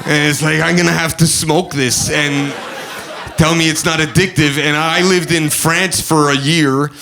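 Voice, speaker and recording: A man doing stand-up comedy on a club stage, with a halting, nervous delivery full of fillers. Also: fairly high pitch, steady tone, vocal fry, pushed and bright, some chatter behind.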